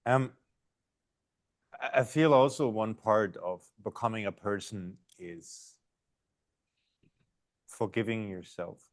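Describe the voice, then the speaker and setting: A man hosting an interview, with a very low voice. He asks long questions haltingly, backing up and restarting as he goes. The recording is close and dry. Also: no room sound. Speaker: podcast host.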